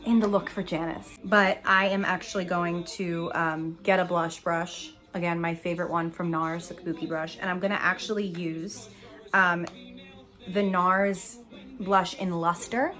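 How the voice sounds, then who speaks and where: A woman's voice: on the low side, steady tone, measured pace, a bit bright, faint music behind. A young woman talking casually through a makeup tutorial, chatty, giggly and self-deprecating. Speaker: Broadway actress doing a makeup tutorial.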